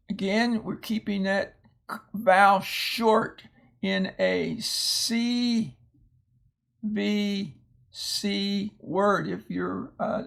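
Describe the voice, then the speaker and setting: Slow, gravelly male phonics teacher, patient and explanatory. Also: high voice. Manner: patient, explanatory, with homely asides. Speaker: reading teacher. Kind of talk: phonics lesson reading a word list.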